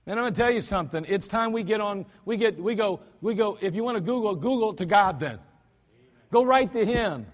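Brisk and high-voiced with lively intonation, a male pastor delivers a sermon in a church sanctuary, recorded in an old service with a long reverb tail. He repeats himself a lot, in an emphatic, folksy way.

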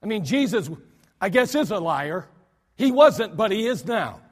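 High-voiced preacher with echoing reverb. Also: male voice, sing-song, unhurried. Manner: emphatic, with frequent restarts. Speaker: pastor. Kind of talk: sermon. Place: church sanctuary. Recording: long church reverb.

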